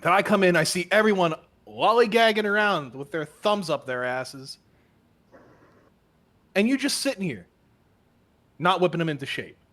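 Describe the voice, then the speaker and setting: A man's voice: mid-range voice, lively intonation, a little slow, long pauses, breathy edge. A man voicing a stern male inspector who scolds a guard captain with rhetorical questions during a tabletop role-play. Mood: scolding. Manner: barking, indignant, rhetorical questions.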